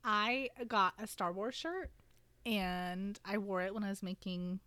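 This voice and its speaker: A woman's voice: mid-range voice, measured pace, pushed and bright, no room sound. A woman co-hosting a book podcast, telling a wry everyday story in casual chat. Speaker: podcast co-host.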